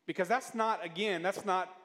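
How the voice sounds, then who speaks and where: A man preaching a sermon as a pastor, earnest and often dropping into soft, low tones when he pleads. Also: moderate pace. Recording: long reverb of a church hall.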